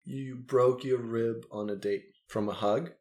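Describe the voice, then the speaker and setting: A man's voice: mid-range voice, steady tone, a little slow, darkish tone, slight background noise. A man co-hosting a casual chat, bantering, swearing freely and laughing along.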